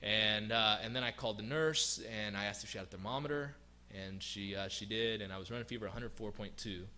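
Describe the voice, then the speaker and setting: Bright-voiced young man telling a story. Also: on the low side, fairly quick. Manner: conversational, self-deprecating, many fillers and restarts. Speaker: guest speaker, missionary. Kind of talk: storytelling testimony to a church. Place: church sanctuary.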